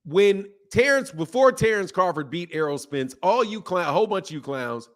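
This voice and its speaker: Casting note: slangy, emphatic male stream host, slightly higher-pitched, laughing and riffing loosely. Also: lively intonation, normal speed, a bit bright. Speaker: boxing channel host. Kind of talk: casual live-stream chat reading viewer comments.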